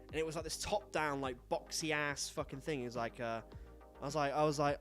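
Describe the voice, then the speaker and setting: A man's voice: a little high, fairly even intonation, a little fast, fairly bright tone, soft background music. A man talking casually and frankly as host, swearing often and rambling through stories with lots of fillers. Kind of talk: casual solo chat, rambling storytelling.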